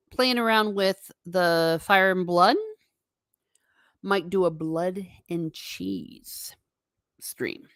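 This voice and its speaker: A woman's voice: on the low side, no room sound, clean studio sound. A woman hosting a live stream, chatting casually and reading viewer comments aloud with frequent laughs. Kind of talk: casual chat. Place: home.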